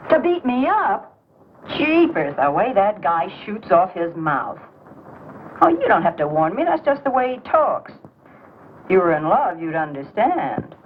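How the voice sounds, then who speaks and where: Brassy slangy young woman, lovesick, lively swooping voice, dull hissy 1940s film sound. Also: fairly low pitch. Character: brassy young woman besotted with a bullying lover.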